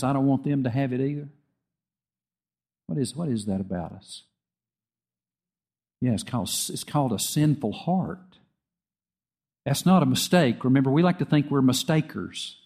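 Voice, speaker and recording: A man's voice: mid-range voice, a little mellow. A man preaching a sermon earnestly, often repeating phrases and restarting with small fillers. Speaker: pastor.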